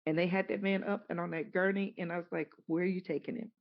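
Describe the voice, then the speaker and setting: Middle-aged woman, gravelly voice, stumbles and repeats herself while she tells her story, kinda dull lo-fi sound. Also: on the low side, fairly even intonation. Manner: halting, repeats words, acts out quoted dialogue. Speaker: interview guest. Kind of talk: emotional personal storytelling. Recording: dull lo-fi recording.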